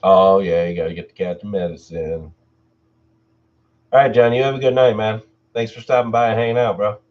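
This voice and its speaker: Deep-voiced man reading horror stories. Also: steady tone, a little fast. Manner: chats casually with viewers between stories. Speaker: channel host and story narrator. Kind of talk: reading horror stories aloud on a live stream. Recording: distant mic, dull lo-fi sound.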